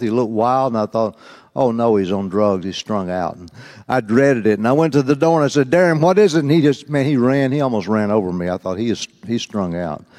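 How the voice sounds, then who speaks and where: A man preaching, telling a folksy, animated story and rising high when quoting others. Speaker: pastor. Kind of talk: sermon storytelling. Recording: long hall reverb.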